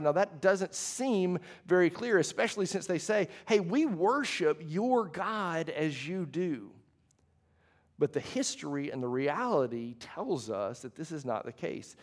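A man's voice: on the high side, expressive, normal speed, few pauses. A man preaching a sermon to a congregation, talking in a conversational way with restarts and asides. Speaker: pastor. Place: church hall before a congregation.

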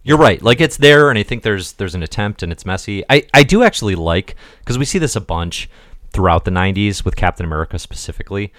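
A man's voice: lowish voice, expressive, fast, fairly bright tone, no echo, studio quality. A man co-hosting a podcast, thinking aloud in easygoing casual chat. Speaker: podcast co-host.

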